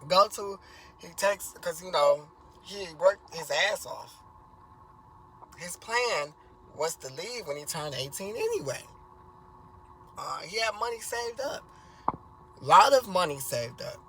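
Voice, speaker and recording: A man's voice: high voice, expressive, takes it slowly, pauses often, pushed and bright, slight background noise. A man casually telling a rambling family story for a vlog, repeating himself and swearing freely.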